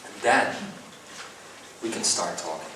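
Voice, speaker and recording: A man giving a live spiritual seminar talk, earnest and slow, with long pauses between phrases. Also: on the low side, background noise. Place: seminar hall. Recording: echoey hall recorded from far off.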